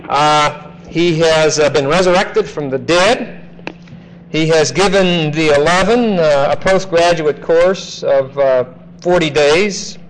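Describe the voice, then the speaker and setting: A man lectures on scripture at a deliberate, unhurried pace. His voice sits a little high, and he stresses key words and checks in with his listeners. Faint noise hums in the background. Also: poor audio. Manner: slow, emphatic, checks in with "okay?". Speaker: Bible teacher. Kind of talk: classroom Bible lecture.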